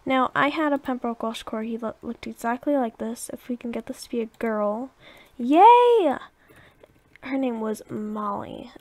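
A young woman chatting and rambling through her gameplay commentary, exclaiming and coaxing her pets along. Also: fairly high pitch. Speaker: let's play YouTuber.

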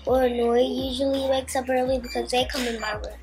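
A very high, eager young voice chats with the vlogger at home. Clear music plays behind her. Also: little pitch movement, a little fast.

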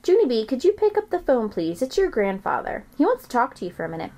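A woman voicing a mother in a storybook who gives calm, reassuring advice. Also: fairly high pitch, fast talker, voice pushed up, exaggerated voice. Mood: advising. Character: gentle, advising mother.

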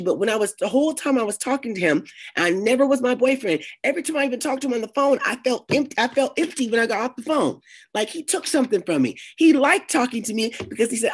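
Animated woman preaching, husky voice. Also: medium pitch, a little fast. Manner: animated, acts out quoted voices, laughs often. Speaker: prophetess and preacher. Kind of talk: casual, conversational sermon.

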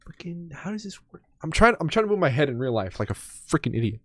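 A man's voice: on the high side, big pitch swings, fast, fairly bright tone, dry recording. A young man streaming a game in casual commentary, joking and rambling with self-mocking asides.

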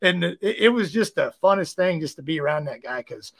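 A man from Ohio, a former wrestler, telling stories as a guest in a casual, animated way, laughing often and leaning on "you know.". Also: a little high, fairly quick. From Ohio, USA. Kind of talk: casual storytelling.

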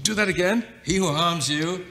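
A man's voice: high voice, moderate pace, pushed and bright. A man teaching a Bible class to a live audience, reading scripture aloud and asking the listeners questions in a conversational way. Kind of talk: interactive Bible class lecture. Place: meeting room with a live audience.

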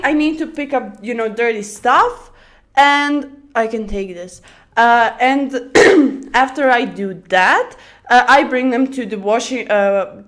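A young woman chatting casually about her day while playing blitz chess, rambling through stories and bursting out excitedly over her moves. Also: on the high side. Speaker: chess streamer.

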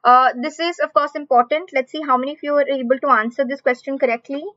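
A woman with an Indian English accent teaching a live online exam-prep class, repeating questions slowly for emphasis. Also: high-pitched, steady tone, a bit bright, no echo, dull audio.

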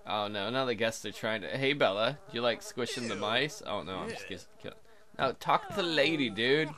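A man's voice: medium pitch, expressive, normal speed, a crowd in the background. A man hosting a casual let's play, joking crudely and chatting to the characters on screen as he plays. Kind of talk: casual game commentary.

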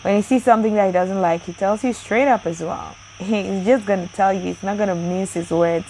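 A woman's voice: medium pitch, a little fast, mellow, a little hiss or hum, low-quality recording. A woman hosting a daily Bible reading channel, chatting casually and effusively with many exclamations. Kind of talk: casual chat with birthday shout-outs.

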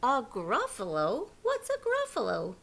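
A woman voicing a sly, hungry male fox in a picture-book reading, with excited, high-pitched squeals. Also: measured pace, vocal fry, exaggerated voice.

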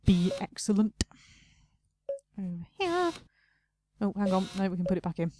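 Playing a video game, a woman chats casually to herself in a let's play, muttering and teasingly scolding the in-game customers. Her mellow, medium-pitched voice swings widely in pitch at a normal speed, with a little hiss or hum in the background; she's a gaming video host.

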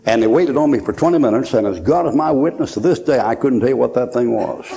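Folksy, lively older man preaching. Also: medium pitch, fast, gravelly. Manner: folksy, joking storyteller, laughs often. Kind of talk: sermon at a conference.

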